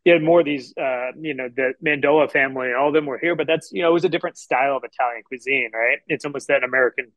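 A man from Houston talks casually on a podcast, telling winding stories and slipping into the voices of people he quotes. His voice sits at an ordinary middle pitch, recorded close and dry with no room sound. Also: fast talker, few pauses, a bit bright, no echo, poor audio. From Houston, Texas. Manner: rambling storyteller who acts out quotes. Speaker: chef and restaurant owner, guest.

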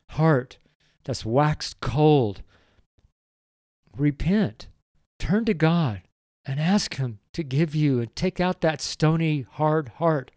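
Earnest, emotional male preacher, mellow voice. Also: on the high side, no echo, clean studio sound. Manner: earnest, emotional, tearful at times. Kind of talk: devotional sermon and prayer.

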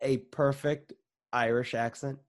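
A man's voice: mid-range voice, fairly even intonation, unhurried. A man chatting casually about a film, joking around and cutting in on his co-host. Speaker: podcast co-host. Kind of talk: casual movie review chat.

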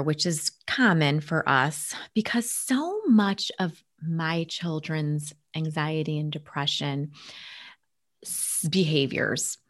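A woman telling a personal family story in casual conversation, earnest, sometimes dropping to a near-whisper. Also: sits low. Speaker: guest sharing a family story.

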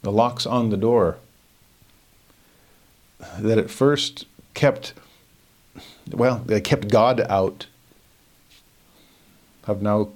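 A middle-aged man teaching a verse-by-verse scripture lesson, expressive, moving between lively asides and quiet emphasis. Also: on the low side, very slow, long pauses. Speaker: Bible teacher.

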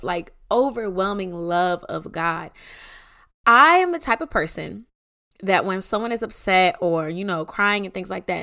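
A woman's voice: mid-range voice, fairly bright tone. A young adult woman hosting a casual faith talk, speaking in a candid, conversational way with casual slang. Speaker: podcast host.

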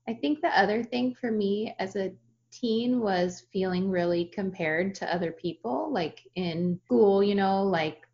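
A woman's voice: fairly low pitch, a little mellow. A woman in a casual podcast conversation, chatty and reflective, speaking with many "like"s. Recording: slightly dull, lo-fi sound.

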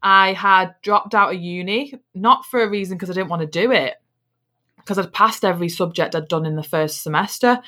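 A woman's voice: fairly low pitch, moderate pace, bright, forceful tone. A young Englishwoman, hosting a podcast in a casual, chatty way, often restarting phrases and dropping in "like" and "you know.". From England. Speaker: podcast host. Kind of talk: casual personal chat.

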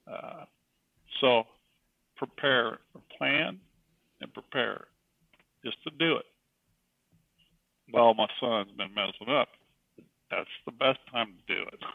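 A man's voice: mid-range voice, takes it slowly, gravelly, pauses often, dry recording. A middle-aged man, a guest telling a personal faith story in an earnest, emphatic way. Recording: distant, tinny phone-like sound.

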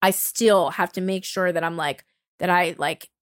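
A woman's voice: on the low side, steady tone, normal speed, no room sound, studio quality. A woman co-hosting a podcast in casual, emphatic chat, laughing often and swearing freely. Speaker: podcast co-host.

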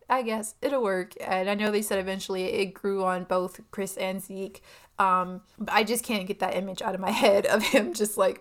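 Chatty young woman with a smooth voice. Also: mid-range voice, a bit bright. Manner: chatty, giggly, lots of fillers and asides. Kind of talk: casual commentary about a film.

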